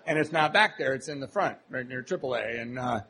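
A man's voice: mid-range voice, fairly quick, pushed and bright, slight background noise, low-quality recording. A man telling a humorous, self-mocking recovery story to a live audience at a meeting, from Southern California. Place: meeting hall before an audience.

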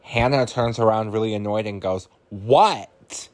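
A man with a lowish, slightly slow voice hosts a podcast, casually recapping a horror comedy. He's chatty and laughs a lot, swears, and leans on fillers like "like" and "um."

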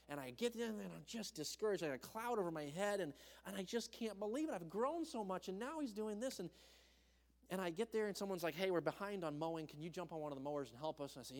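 Young male pastor, high-pitched, narrative sermon with animated quoted voices and hushed reflective passages. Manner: storytelling, acts out quoted voices with big pitch jumps; drops to a soft, low voice for tender points.

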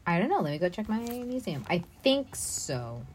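A woman's voice: on the low side, very animated, moderate pace, husky. A woman co-hosting a podcast, chatting casually while playing a video game, giggling often and talking expressively. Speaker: podcast co-host.

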